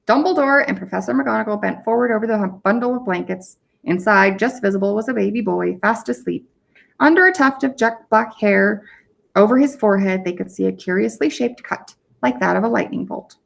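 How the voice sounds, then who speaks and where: A woman's voice: medium pitch, a little fast, gravelly. A woman teacher reading a novel chapter aloud for her reading club students, in a plain, friendly storytelling manner.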